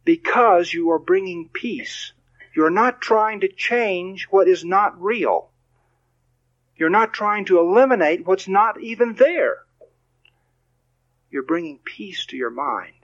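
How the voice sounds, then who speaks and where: An older man, a spiritual teacher, giving a playful, animated talk with readings. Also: high-pitched, takes it slowly, highs cut off.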